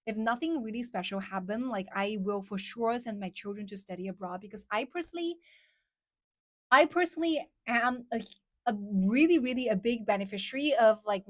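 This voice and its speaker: A woman's voice: on the high side, no echo, studio quality. A young woman from China with Mandarin as her first language, hosting a casual livestream and answering viewers. She keeps repeating her phrases and switches between English and Mandarin. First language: Mandarin Chinese. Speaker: livestream host.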